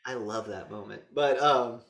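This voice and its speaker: An animated man co-hosting a movie podcast, swearing freely and jumping into quick voices to act out scenes. His voice sits in a middle pitch, and it rings a little in an echoey room. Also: gravelly. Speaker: podcast co-host. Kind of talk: casual movie review chat.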